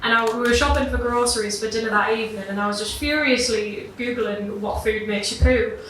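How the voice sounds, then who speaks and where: A young British woman tells a personal story live at a gig, laughing through her lines, swearing casually and poking fun at herself. Her voice is a little high, steady, fairly quick and fairly bright, heard from far off in an echoey room with a little hiss or hum.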